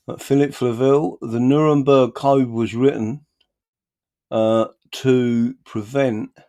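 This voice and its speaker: Blunt gravelly man. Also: lowish voice, darkish tone. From London, England. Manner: blunt, rambling, many restarts. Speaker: livestream host. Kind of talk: live stream, reading out viewer comments.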